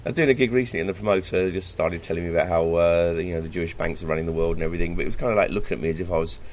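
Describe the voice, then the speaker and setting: A man's voice: low-pitched, racing, a little hiss or hum. A man chatting casually and thoughtfully, often stumbling and repeating his words. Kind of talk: casual conversation.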